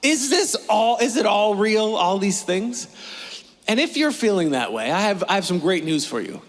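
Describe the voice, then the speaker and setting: Chatty high-voiced pastor. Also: male voice, very animated, normal speed. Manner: chatty, storytelling with playful voices. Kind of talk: casual sermon. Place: church. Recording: long reverb of a church hall.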